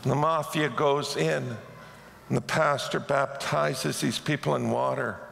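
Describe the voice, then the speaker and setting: Pastor type, male, very gravelly voice, lively storyteller; recorded in a long-reverb church hall. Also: medium pitch, unhurried, a little hiss or hum. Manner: animated storyteller who acts out the people in his stories. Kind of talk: sermon storytelling. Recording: echoey hall.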